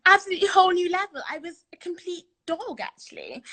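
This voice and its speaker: A young woman with a British accent, high and bright in pitch, talking over a video call from her home. She is bubbly and giggly, gushing as she chats with the host. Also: lively intonation, fast talker. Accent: British English. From England. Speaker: guest, reality show contestant. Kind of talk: casual video-call chat.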